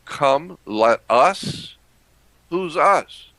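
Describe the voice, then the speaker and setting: A man giving a deliberate explanatory lecture, repeating phrases and clearing his throat often. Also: fairly high pitch, animated, bright, forceful tone, no echo.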